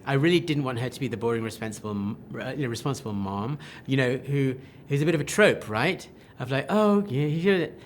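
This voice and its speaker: Man, film director, enthusiastic interview answers, animated, faint background noise. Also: mid-range voice. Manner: animated, enthusiastic, quick restarts and quoted asides.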